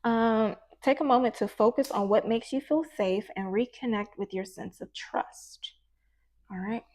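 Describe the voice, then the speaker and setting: A woman's voice: fairly high pitch, unhurried, darkish tone. A woman giving a casual tarot reading who talks in a chatty, meandering way and encourages the listener. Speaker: tarot reader and life coach.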